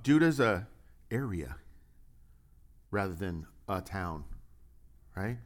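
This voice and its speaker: A man's voice: fairly low pitch, unhurried, pauses often. A man preaching a sermon from a church stage, asking lots of rhetorical questions with a bit of humor. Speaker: pastor.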